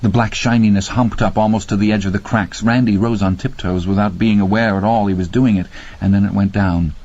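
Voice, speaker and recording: A man with a husky voice narrating a horror audiobook with slow, dramatic pacing. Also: on the low side, steady tone, darkish tone. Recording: dull lo-fi audio.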